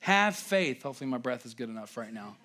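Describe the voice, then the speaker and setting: A man preaching a sermon in a church, animated and conversational, with asides to the congregation. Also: medium pitch, very fast.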